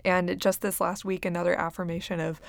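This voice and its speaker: A young woman talks earnestly into a close mic in a casual faith podcast intro, her voice slipping into a gravelly fry as she trails off. She fills pauses with ums and little laughs. The recording is dry and close, with no room sound. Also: fairly low pitch, level tone, dry recording. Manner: earnest, many ums, laughs softly between thoughts. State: getting choked up. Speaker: podcast host and career coach. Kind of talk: casual heartfelt monologue.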